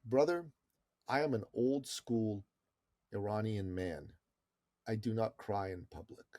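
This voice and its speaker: A man's voice: fairly low pitch, slow, dark tone, no echo, clean studio sound. A middle-aged man telling a story as an interview guest, in an emphatic, persuasive way. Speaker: podcast guest.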